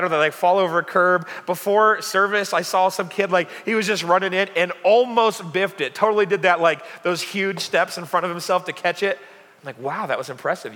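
A man's voice: high-pitched, sharp tone. A young adult man preaching a casual sermon, chatty and joking with lots of fillers. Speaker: pastor. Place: church hall. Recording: long hall reverb.

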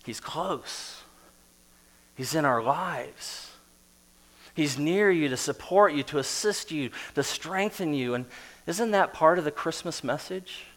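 Middle-aged male pastor, slightly high voice, earnest sermon delivery, hushed lows and emphatic peaks. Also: animated, unhurried. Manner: earnest preaching with sudden drops to a soft voice and emphatic bursts.

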